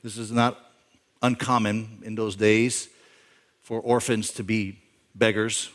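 A middle-aged male pastor giving a sermon, telling a story conversationally, with lines that climb louder and higher for emphasis. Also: level tone, slow. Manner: conversational storytelling, imagining a backstory aloud; rises in pitch and volume for emphasis.

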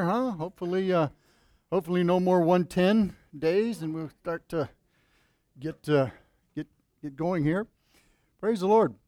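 A man's voice: a little high, a little mellow, no room sound, clean studio sound. A man preaching as a pastor at a church service, praying earnestly and then telling a folksy joke with many fillers and restarts. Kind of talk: sermon with opening prayer.

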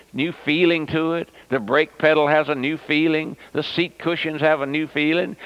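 A man's voice: on the high side, vocal fry, fairly bright tone. A man, preaching a fervent radio sermon and calling his listeners my friend. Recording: dull lo-fi old radio recording.

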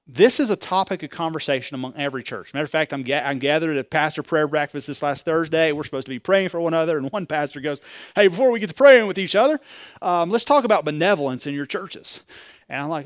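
A man, a pastor preaching a sermon in a conversational way, swinging between loud emphasis and quiet asides. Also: on the high side, quick pace, dry recording, studio quality.

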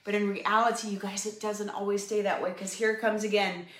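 A woman's voice: medium pitch, level tone, a little fast, fairly bright tone. A woman giving an upbeat, encouraging health pep talk to a live audience, chatty and full of fillers. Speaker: health coach. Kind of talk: casual livestream pep talk. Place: home room, drawing on a whiteboard. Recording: echoey room.

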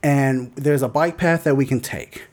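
A man co-hosting a podcast, telling a casual story in an animated, profane way and breaking into mock yelling. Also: mid-range voice, measured pace. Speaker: podcast co-host.

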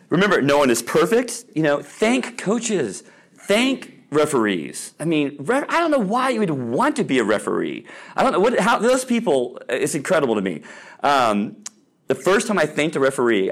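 A middle-aged man giving a faith-based talk on sports parenting, telling stories in an animated way and often checking in with "all right?". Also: on the high side.

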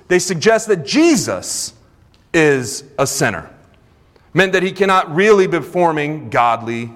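A man's voice: fairly high pitch, a bit bright. Earnest male preacher, long church reverb. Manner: earnest retelling of scripture with conversational asides. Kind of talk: sermon. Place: church sanctuary. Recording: long reverb of a large hall.

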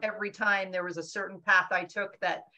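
A woman speaks with a bright, forceful edge, answering interview questions in a loose, rambling way. She keeps slipping into quoted inner monologue, and her voice sits at an ordinary middle pitch. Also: fairly quick, highs cut off. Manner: animated, acts out her own inner voice in quotes; rambling, frequent fillers and restarts. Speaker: guest author. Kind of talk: casual podcast interview.

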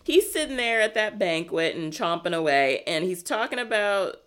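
A woman co-hosting a casual film chat, relaxed and laughing often. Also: mid-range voice, normal speed. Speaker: podcast co-host.

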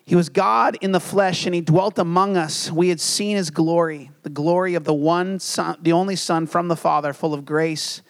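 A young man with a fairly high voice delivers a sermon to his congregation. He mixes earnest preaching with self-deprecating stories from home life, moving between warm reflection and humour. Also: fairly even intonation, normal speed, hardly any pauses. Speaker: pastor.

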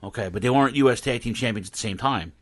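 A man's voice: mid-range voice, quick pace, dry recording. A man co-hosting a casual chat, talking in a loose, rambling way with many restarts and fillers. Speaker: podcast co-host. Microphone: own mic he mutes.

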